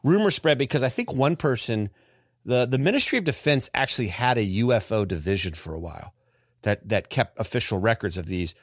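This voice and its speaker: A man hosts a casual podcast and carries a long story with lots of restarts. His pitch swings widely as he talks. The sound is dry and close. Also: fairly quick, no echo. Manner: animated, rambling with restarts. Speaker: podcast host.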